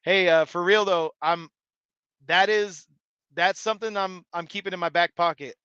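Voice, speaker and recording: A man's voice: sits high, moderate pace, bright, forceful tone, clean tone, dry recording, muffled recording. A man hosting a live stream, chatting casually and rambling with many restarts and fillers. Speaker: live stream host reading chat. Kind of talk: casual chat.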